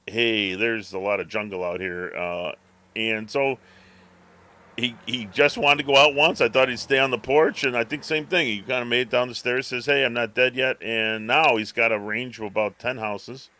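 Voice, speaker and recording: Bright-voiced man telling rambling stories. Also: mid-range voice, normal speed. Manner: rambling storyteller, acts out the cat's thoughts. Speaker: podcast co-host. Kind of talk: casual chat.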